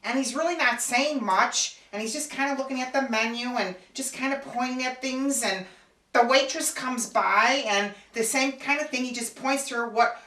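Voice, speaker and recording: A woman's voice: high voice, normal speed, bright, forceful tone. An actress playing an elderly widowed mother who sighs and groans through her complaints in a comedy sketch. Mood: exasperated. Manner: sighing, groaning, exasperated storyteller. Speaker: comic character. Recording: echoey room, mic far off.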